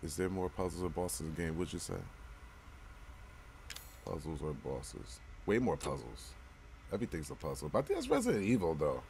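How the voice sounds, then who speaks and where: A man's voice: a bass voice, very animated, moderate pace, creaky, long pauses, a little mellow, a little hiss or hum. A man hosting a let's-play, commenting casually with slang and frequent swearing. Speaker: gaming channel host.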